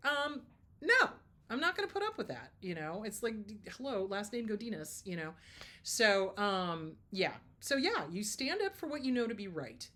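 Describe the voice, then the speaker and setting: A middle-aged woman therapist speaking casually to her viewers in an emphatic, no-nonsense way. Her voice sits at an ordinary medium pitch. She tells stories lively and punches key words. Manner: emphatic, lively storytelling with laughs and mock quotes. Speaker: therapist hosting a Q&A show. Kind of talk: casual advice talk.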